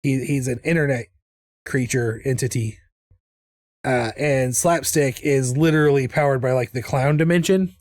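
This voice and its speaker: A man's voice: medium pitch, moderate pace, darkish tone, no echo. A man chatting casually on a live art stream, rambling and restarting his sentences. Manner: rambling, with many restarts and laughs.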